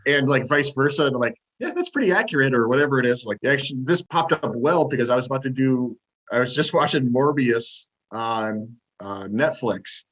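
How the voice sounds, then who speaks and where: A man guesting on a podcast as a movie reviewer, chatting in an animated way and jumping up in pitch when he quotes himself. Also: normal speed, low-quality recording. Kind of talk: casual podcast chat.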